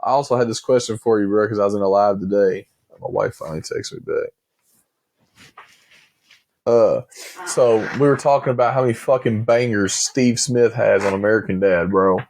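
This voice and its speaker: A young man co-hosting a casual podcast, profane and excitable, often acting out movie scenes in quoted voices. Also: fairly low pitch, normal speed, a little hiss or hum. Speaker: podcast co-host. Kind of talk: casual chat.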